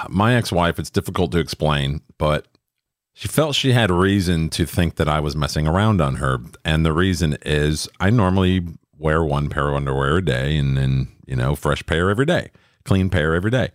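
A man's voice: rumbling low, lively intonation, normal speed, dry recording, clean studio sound. A middle-aged man, co-host of a podcast, telling stories in a blunt, profane, casual way. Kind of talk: casual chat.

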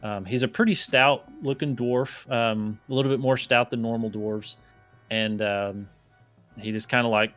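A man's voice: mid-range voice, fairly even intonation, normal speed, a bit bright, faint music behind. A man narrating a tabletop game as game master, rambling with many fillers.

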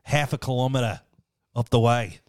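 Excitable wildlife presenter in a mock Australian accent, as a man puts it on, loud and dry close-miked sound. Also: medium pitch, moderate pace, smooth, no echo, natural voice. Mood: excited.

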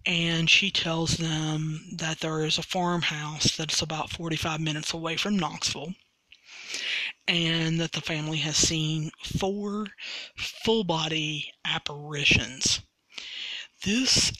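A man hosting a solo podcast, reviewing a paranormal TV show in a rambling way with many pauses, his voice cracking slightly. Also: fairly high pitch, pushed and bright, no echo, poor audio. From West Virginia. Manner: rambling, many ums and restarts. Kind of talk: casual solo podcast commentary.

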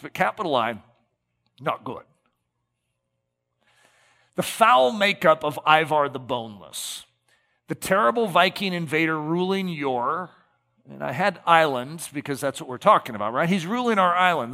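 Bright-voiced preacher in a reverberant hall. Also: male voice, a little high. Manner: conversational, tag questions to the congregation. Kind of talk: sermon.

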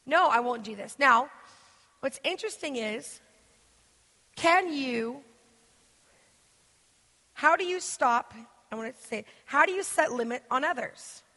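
A woman giving an interactive teaching sermon as a guest speaker, animated, asking the audience questions and acting out quoted voices. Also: high voice, a little slow, pauses often. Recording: echoey hall.

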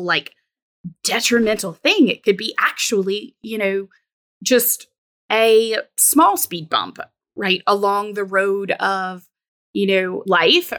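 A woman's voice: medium pitch, fairly bright tone. A woman who is a business coach, a guest on a podcast, telling her personal story in a candid, reflective way with many "you know" fillers.

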